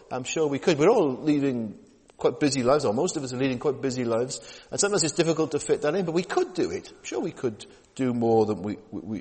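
A man preaching a conversational sermon in a church, talking in a chatty way with many tag questions and frequent restarts. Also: mid-range voice. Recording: long hall reverb.

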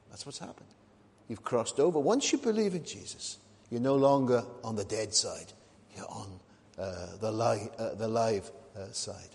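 A man's voice: medium pitch, very animated, a little slow. A man, a minister preaching a sermon, talking conversationally and asking and answering his own questions. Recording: long reverb of a large hall.

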